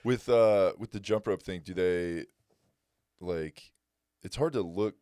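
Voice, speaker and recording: A young man telling stories in a casual podcast chat, laid-back, with animated quoted voices. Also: deep voice, slow, smooth, no room sound, clean studio sound. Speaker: guest comedian.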